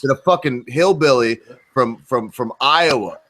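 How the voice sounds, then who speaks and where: A man's voice: mid-range voice, normal speed. American male host, mid voice, rowdy and chatty, butts in a lot. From United States. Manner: excitable, swearing, interrupting. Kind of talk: casual chat.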